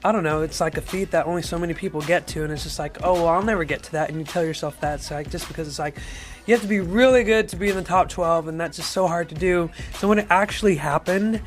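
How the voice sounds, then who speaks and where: A man's voice: a little high, quick pace, faint music behind. A young man, a singer guest in a casual radio interview, rambling and giggly with many filler words. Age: young adult.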